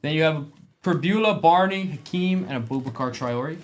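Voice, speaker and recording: Man rattling off card names fast. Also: fairly high pitch, slight background noise. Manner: rapid name roll-call of cards. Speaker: card break host. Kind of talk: live card break commentary.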